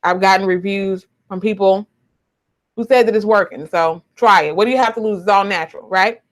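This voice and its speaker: A woman's voice: mid-range voice, a little fast. A young adult woman, chatting emotionally to viewers on a live stream from home, repeating herself, recorded on a webcam or phone. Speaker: YouTuber. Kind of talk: casual live stream chat.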